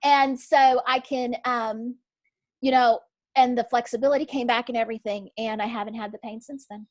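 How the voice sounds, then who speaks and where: A woman guest on a podcast over a video call, telling her own story in a calm, measured, soft-spoken way. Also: a little high, no echo. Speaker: podcast guest, coach and author. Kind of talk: conversational storytelling.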